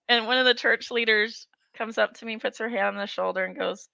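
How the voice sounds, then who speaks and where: Creaky, bright-voiced woman host. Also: a little high, a little fast, few pauses, no echo, muffled recording. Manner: animated storyteller, frequent laughs and fillers. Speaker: podcast host. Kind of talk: casual chat.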